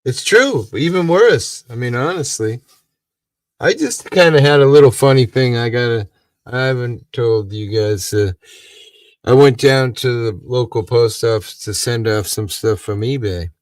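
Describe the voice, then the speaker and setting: An older man rambles through a grievance story, swearing freely on a live stream. His voice sits at a middle pitch. It is picked up dry and from a distance from the mic. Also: a little slow, no room sound. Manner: profane, rambling and aggrieved. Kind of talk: casual storytelling.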